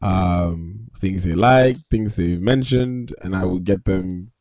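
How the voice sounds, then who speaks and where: A man co-hosting a casual chat, talking in a measured, reflective way. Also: deep voice, a little mellow, no room sound.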